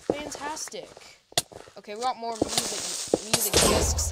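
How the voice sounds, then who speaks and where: A woman giving excitable live gameplay commentary, with frequent panicked cries and laughter. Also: on the high side, unhurried. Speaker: gaming video creator. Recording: loud background noise.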